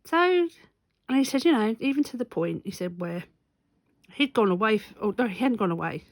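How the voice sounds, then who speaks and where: A woman's voice: a little high, lively intonation, moderate pace, dry recording. A woman telling a rambling, amused anecdote in a casual vlog, often correcting herself as she goes. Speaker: stitching vlogger.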